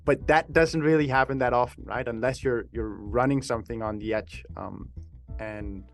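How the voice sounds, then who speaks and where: A man's voice: mid-range voice, steady tone, normal speed, soft background music. A man co-hosting a podcast, frank and upbeat, often restarting his sentences. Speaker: podcast co-host. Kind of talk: casual podcast chat.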